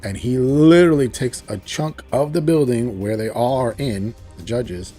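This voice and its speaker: A man excitedly recapping a TV episode in a rambling, chatty way, full of "like" and "you know". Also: medium pitch, moderate pace, soft background music. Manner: enthusiastic, rambling storytelling with frequent "like" and "you know". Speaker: TV show reviewer.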